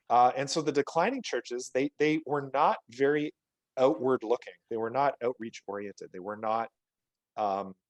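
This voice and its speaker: A man delivers a virtual lecture on research results in an explanatory, conversational way, often restarting his phrases. His voice sits at a middle pitch and is recorded close and dry, with no room sound around it. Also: no echo, low-quality recording. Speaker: guest lecturer. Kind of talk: virtual talk presenting research.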